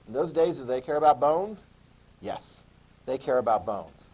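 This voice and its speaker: A man giving a classroom history lecture, animated and playful, acting out quotes in a classroom. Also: medium pitch, moderate pace, slightly rough. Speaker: history teacher.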